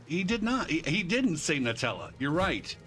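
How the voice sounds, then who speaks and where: A man streaming a live playthrough, excitable and swearing a lot as he talks to himself over clear game music. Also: on the high side, moderate pace. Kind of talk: live gameplay commentary.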